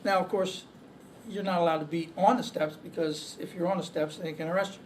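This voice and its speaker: A man telling a story to a group, halting often on fillers. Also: high voice, steady tone. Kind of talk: casual storytelling. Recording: distant mic, faint background noise.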